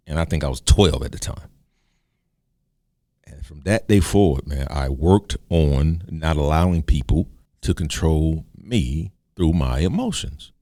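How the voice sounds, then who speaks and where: A man hosting a podcast, talking in a casual, comedic monologue and breaking into silly high voices. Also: no room sound, clean studio sound. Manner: animated storyteller who swings into high comic voices. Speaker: podcast host.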